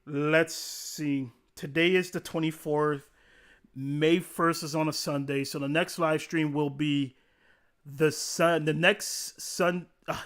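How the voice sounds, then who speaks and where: Higher-pitched man chatting on stream. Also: fairly bright tone. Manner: profane, laughs often, rambling game talk. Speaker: live streamer. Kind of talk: casual live-stream chat, reading chat comments.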